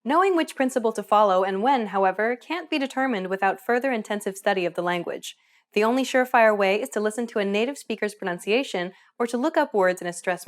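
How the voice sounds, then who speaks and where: A woman narrating a scripted language lesson in an upbeat, explanatory way, asking the learners questions. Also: mid-range voice.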